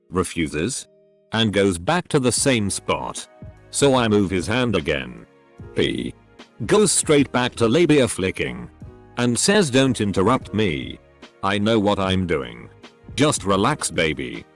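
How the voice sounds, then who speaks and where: In a scripted reading, a man with a fairly low voice narrates anonymous online stories, spelling out abbreviations letter by letter.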